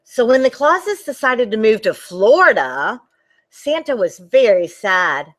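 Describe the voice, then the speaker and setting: A woman librarian reading a picture book aloud to children, animated and talking to them directly. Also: on the high side, measured pace. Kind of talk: children's storytime read-aloud.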